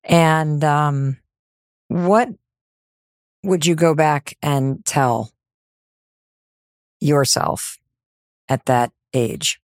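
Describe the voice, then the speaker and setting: A woman's voice: low voice, very slow, pauses often, clean tone, no echo, studio quality. A woman hosting a podcast interview, speaking in an earnest, effusive way. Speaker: podcast host. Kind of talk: interview chat.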